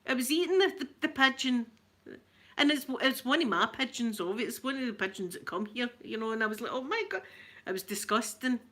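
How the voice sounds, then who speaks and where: This ASMR host, a middle-aged Scottish woman with a Scottish accent, speaks quickly with a fairly high pitch. She keeps up easygoing chatter with her livestream audience and recounts stories with plenty of animation.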